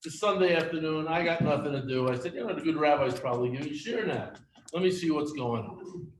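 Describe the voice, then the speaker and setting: A man's voice: fairly high pitch, fast talker. Man telling funny memorial stories. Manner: humorous anecdotal storytelling. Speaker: eulogy speaker. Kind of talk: storytelling memorial speech. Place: synagogue hall. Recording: echoey hall from far off with faint noise.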